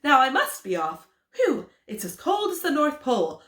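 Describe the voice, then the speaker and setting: Woman putting on a stuffy English dad, put-on British accent, self-important, grumbling, lower voice, lively swings, echoey room. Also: moderate pace, heavily acted. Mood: pompous. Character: pompous, fussy, stingy middle-aged English father. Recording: roomy echo.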